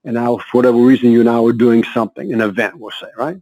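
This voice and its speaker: A man in his seventies, an interview guest telling lively anecdotes with frequent laughs and repeated words. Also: mid-range voice, rapid-fire, poor audio. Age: 70s. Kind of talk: conversational storytelling.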